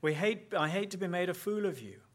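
A man's voice: high voice, expressive, a little fast. A man speaking at a conference, teaching on Bible passages in a thoughtful way and often repeating words as he searches for his phrasing.

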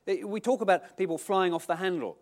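A middle-aged man preaching a sermon in a conversational, self-mocking, animated way. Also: sits high, brisk. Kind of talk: sermon with Bible reading.

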